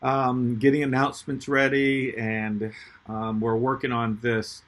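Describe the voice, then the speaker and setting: A pastor hosting a relaxed live-stream conversation, his voice sitting at an ordinary middle pitch. He is upbeat and laughs easily, with plenty of ums along the way. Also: unhurried. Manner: upbeat, laughs often, many fillers. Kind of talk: live-stream casual chat.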